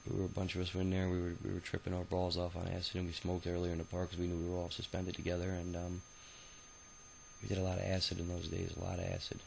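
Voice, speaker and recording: A man's voice: low-pitched, monotone, fast talker, gravelly, darkish tone, slight background noise, poor audio. A man in his thirties telling his own life story in a rambling, profane, casual way, full of filler sounds. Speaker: autobiography narrator. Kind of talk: casual spoken memoir storytelling.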